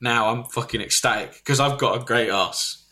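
A man telling a rambling comic story on a podcast, jumping into loud put-on voices for the people in it. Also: mid-range voice, normal speed. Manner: animated, shouts and squeals when quoting others.

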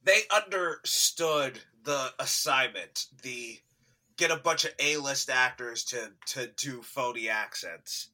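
A man co-hosting a casual movie review chat, animated and quick to laugh. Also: medium pitch. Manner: animated, laughs often, mimics actors with loud outbursts.

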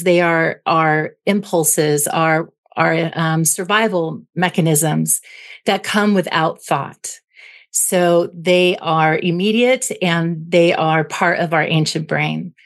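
A middle-aged woman psychologist explaining calmly and carefully as a guest on a podcast interview. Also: on the low side. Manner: measured, explanatory.

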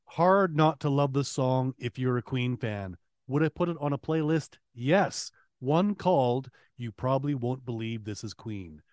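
A man's voice: medium pitch, expressive, a little slow, hardly any pauses, a little mellow, no room sound, clean studio sound. A man co-hosting a podcast in easygoing chat, laughing off his own slip-ups. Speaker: podcast co-host. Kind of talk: casual chat.

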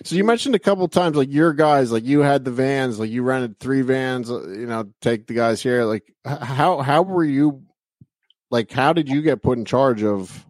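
A man hosting a casual interview podcast, relaxed and full of fillers. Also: mid-range voice, normal speed, no echo. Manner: casual, swears, many fillers. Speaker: podcast host.

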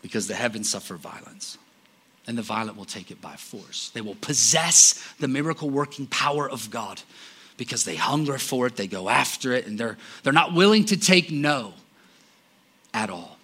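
A man preaching a sermon with passion, swinging from loud cries down to low murmurs. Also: expressive, moderate pace, husky.

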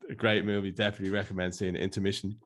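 A man's voice: low voice, level tone, racing. A man hosting a casual interview, often restarting his questions and laughing along. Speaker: interviewer host.

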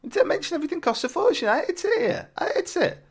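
A shrill, whiny grumbler. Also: male voice, big pitch swings, quick pace, full character voice. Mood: fed up. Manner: whiny, exasperated complaining. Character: shrill fed-up grumbler, sick of rain and prices.

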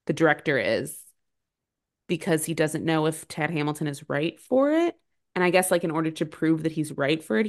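In a casual podcast chat, this co-host, a woman with a slightly low voice, races through sarcastic movie recaps. Her animated delivery leans heavily on "like."

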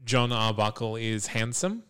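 A man's voice: fairly low pitch, lively intonation, fairly bright tone, smooth. Wry man. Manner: dry, wry humour with measured asides. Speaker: podcast co-host. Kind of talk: casual group chat.

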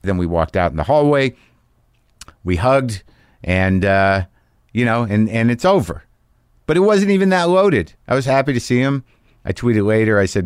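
A man's voice: medium pitch, big pitch swings, normal speed, pauses often, smooth, no echo, studio quality. A middle-aged man delivering a rambling, profane, self-deprecating monologue as a podcast host. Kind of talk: casual monologue.

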